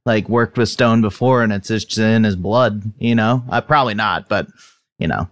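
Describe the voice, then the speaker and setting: A man with a fairly low voice chatting on a podcast. He muses aloud and jokes with his co-hosts. The sound is dry and close. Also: moderate pace, no echo. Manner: joking, musing, often laughs. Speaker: podcast co-host. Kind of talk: casual chat.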